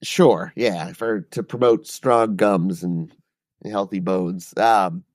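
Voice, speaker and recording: A man's voice: low-pitched, steady tone, slow, a little mellow, no room sound, clean studio sound. A man co-hosting a podcast, telling stories in a loose, rambling way with plenty of swearing. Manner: loose, profane, rambling delivery. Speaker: podcast co-host. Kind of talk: casual storytelling.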